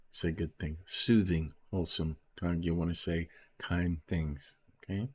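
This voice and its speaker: A man's voice: deep voice, fairly even intonation, a little slow, slightly rough. A man reading Bible verses aloud and explaining them in a casual teaching manner, often checking in with "right?" and "okay?". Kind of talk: informal Bible study commentary.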